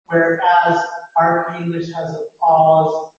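A man giving a phonetics lecture in a halting, explanatory way, often restarting his sentences. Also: on the high side, monotone. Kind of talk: classroom lecture. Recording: echoey lecture hall, distant dull mic.

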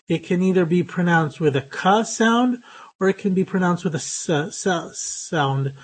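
A man lecturing students on a recorded class, speaking slowly in a slightly raised voice. He stops and restarts often, filling gaps with hesitant sounds as he searches for words. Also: high-pitched, slightly rough, rough recording. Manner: halting, many fillers and restarts. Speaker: university lecturer.

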